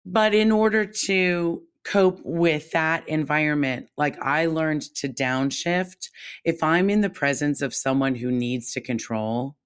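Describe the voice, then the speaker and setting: A woman co-hosting a podcast, talking in a reflective, animated way that jumps up when she stresses a point. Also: measured pace, smooth. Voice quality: calls her own voice squeaky. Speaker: podcast co-host. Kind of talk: casual chat.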